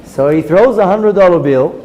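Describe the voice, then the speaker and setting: A man teaching a Torah class, a lively storyteller who acts out the characters in his stories. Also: high voice, moderate pace, dull audio. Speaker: rabbi.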